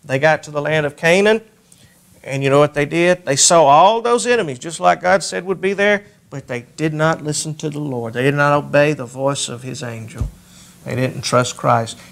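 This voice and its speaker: A man's voice: moderate pace, creaky, a bit bright. A male pastor preaching a sermon, lifting his voice when he reads scripture aloud. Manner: rises in pitch and volume when reading scripture aloud.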